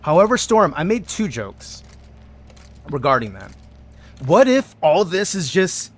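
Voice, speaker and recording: A man's voice: a little high, unhurried, long pauses, no echo. Chatty joking male game streamer. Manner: chatty and joking, greets chat, hums and yells when excited. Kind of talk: casual gameplay streaming chat. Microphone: desk microphone.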